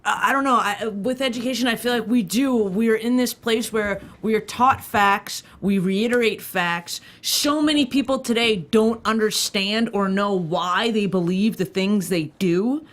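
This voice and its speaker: A woman's voice: medium pitch, unhurried, hardly any pauses. A woman chatting as a podcast panelist, rambling a little and restarting her sentences often. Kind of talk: casual podcast chat.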